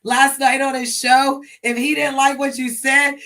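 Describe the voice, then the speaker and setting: A woman's voice: high-pitched, level tone, measured pace, pushed and bright. A woman hosting a casual livestream chat, telling stories dramatically, laughing often and drawling pet names like darling and honey. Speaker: livestream host.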